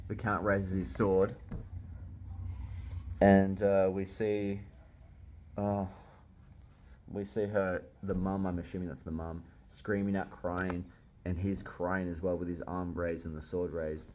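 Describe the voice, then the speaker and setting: A young man reviewing a manga chapter in casual reaction talk, excitable and swearing, often laughing. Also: deep voice, slow pace, long pauses, a little hiss or hum.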